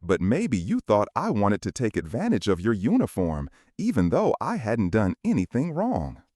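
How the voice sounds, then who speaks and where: Man doing a calm, wounded husband. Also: fairly low pitch, moderate pace, no echo, clean studio sound. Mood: hurt. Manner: calm, quietly hurt. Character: calm, saddened working-class husband.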